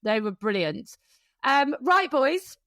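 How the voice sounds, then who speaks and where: A woman's voice: high-pitched, very animated, slow pace, fairly bright tone, dry recording. Chatty woman, dry close sound. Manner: chatty storyteller, lots of fillers. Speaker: podcast co-host. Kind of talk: casual chat.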